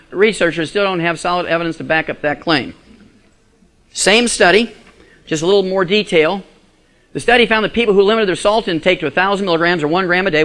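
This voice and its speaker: Fast, folksy male lecturer. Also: high-pitched, bright, forceful tone. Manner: folksy, emphatic, rhetorical questions. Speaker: lecturer on health. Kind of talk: live lecture to an audience.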